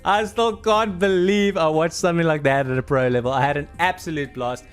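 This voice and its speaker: A man casting a video game match with animated commentary, urging the players on and out of breath. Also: a little high, fairly quick, smooth, faint music behind. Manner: animated, urges players on, laughs in disbelief. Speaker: game caster. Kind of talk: excited esports commentary.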